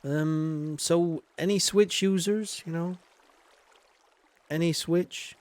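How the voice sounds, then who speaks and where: A man's voice: fairly high pitch, steady tone, slow pace, a little mellow, dry recording. A man streaming a game live, chatting loosely with viewers, greeting them by name and filling his talk with ums and you-knows. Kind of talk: live gameplay commentary.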